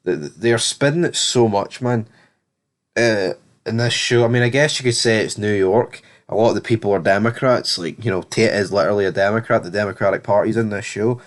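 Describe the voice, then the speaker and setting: A man's voice: lowish voice, normal speed. A man hosting a casual TV episode review, rambling and blunt with lots of fillers. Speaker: TV review host.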